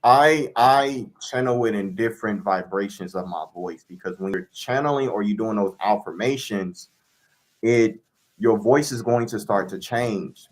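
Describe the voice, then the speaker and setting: A man, a spiritual reader, answering interview questions in a calm, declarative teaching manner. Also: fairly low pitch.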